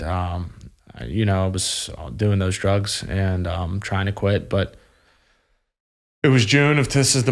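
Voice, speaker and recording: A young man speaks in a fairly low voice. He tells his story candidly on a podcast, halting and emotional, with frequent fillers and restarts. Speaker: podcast guest.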